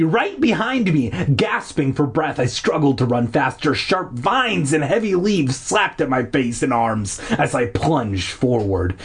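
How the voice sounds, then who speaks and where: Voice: medium pitch, slightly rough. A reader narrating a children's horror book aloud, breaking off now and then for sarcastic asides.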